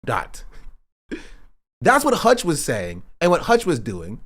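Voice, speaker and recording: A man talking on a casual livestream, pressing his points hard and circling back to them again and again. His pitch swings widely from low to high as he leans into each claim. He swears freely and sounds loose and unscripted. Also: wildly swooping pitch, normal speed, fairly bright tone. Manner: emphatic, repeats his points. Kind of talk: casual livestream political commentary.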